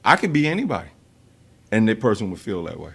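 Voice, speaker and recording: Gravelly, blunt-talking man in his fifties. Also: on the low side, very animated, fast, a bit bright. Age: 50s. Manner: blunt, profane storytelling. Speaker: podcast host. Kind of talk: casual podcast chat.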